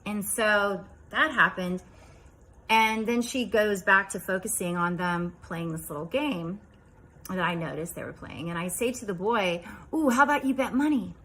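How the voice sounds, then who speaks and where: A woman in her fifties casually recounting a strange dream, chatty and rambling, dropping into quiet asides. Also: on the low side, a little slow, low-quality recording. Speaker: vlogger.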